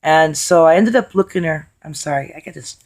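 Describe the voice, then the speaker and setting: A hoarse woman telling a story in a casual vlog, chatty and blunt, swearing freely. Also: sits low, a little fast, a little mellow. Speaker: vlogger.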